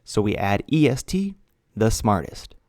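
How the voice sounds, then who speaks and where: Slow, deliberate male ESL teacher. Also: fairly low pitch, very animated, a little mellow, no room sound, clean studio sound. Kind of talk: recorded grammar lesson.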